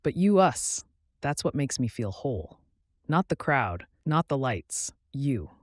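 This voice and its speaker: A man voicing a devoted young former football player, speaking low, earnest and tender in an audiobook. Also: very animated, slow pace, no room sound, clean studio sound.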